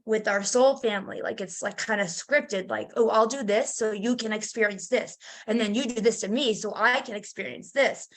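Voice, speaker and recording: Woman, middle-aged, slightly high voice, casual spiritual storyteller, animated, lots of "like" and restarts. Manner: animated, many fillers and restarts, acts out her own quotes. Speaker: guest telling her near-death experience.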